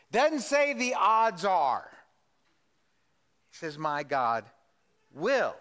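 A man preaching a sermon as pastor, animated and drawing answers from the congregation with questions. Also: high voice. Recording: long hall reverb.

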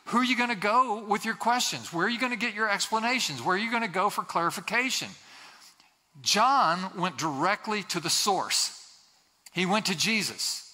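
High bright-voiced man preaching in a hall. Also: animated, moderate pace. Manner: earnest, repeats phrases for emphasis, acts out quoted voices. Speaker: pastor. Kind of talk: sermon. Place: church sanctuary. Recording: long hall reverb.

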